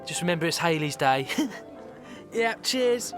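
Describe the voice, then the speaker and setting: A stammering, awkward wedding guest. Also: male voice, a little high, very animated, a little slow, over music. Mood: bantering. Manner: stammering, hesitant, nervous laughs. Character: awkward rambling man at a wedding, fumbling and overeager. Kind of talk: radio comedy monologue.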